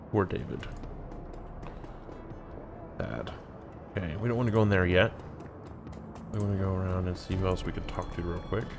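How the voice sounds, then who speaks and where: A man's voice: sits low, normal speed, long pauses, over music. A man hosting a let's play, thinking aloud and reading game text as he plays. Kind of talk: casual gameplay commentary.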